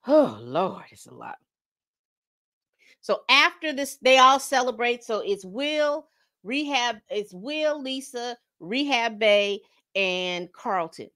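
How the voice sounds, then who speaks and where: A woman hosts a casual podcast recap of a TV episode. Her voice sits somewhat high, and she tells the plot like gossip among friends. She slips into the characters' lines as she goes. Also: takes it slowly. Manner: animated storytelling, acts out quotes, calls listeners "baby".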